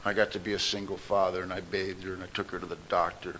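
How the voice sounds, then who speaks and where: A winded man giving a personal recovery testimony to a meeting room, telling his story earnestly and swinging between loud and hushed. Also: sits low, little pitch movement, quick pace, a little hiss or hum. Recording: dull lo-fi recording.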